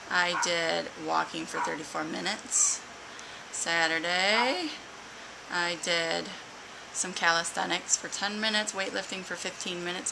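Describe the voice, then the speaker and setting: A woman's voice: lowish voice, gravelly, background noise. A woman talking casually into her camera for a weight-loss video diary, upbeat and chatty, poking fun at herself. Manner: chatty, upbeat, self-mocking. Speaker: vlogger.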